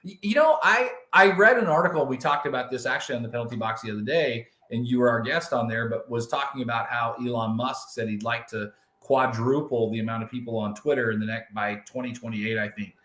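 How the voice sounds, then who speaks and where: A man's voice: mid-range voice, a little fast, hardly any pauses, fairly bright tone. A man from the United States co-hosting a podcast, chatting casually with frequent restarts. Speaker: co-host. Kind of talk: podcast conversation. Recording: echoey room.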